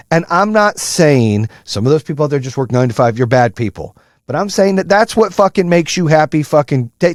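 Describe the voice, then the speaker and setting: A man hosting a podcast, giving an intense, profane motivational monologue in a high-strung, high-energy way. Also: no echo, clean studio sound. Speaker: podcast host.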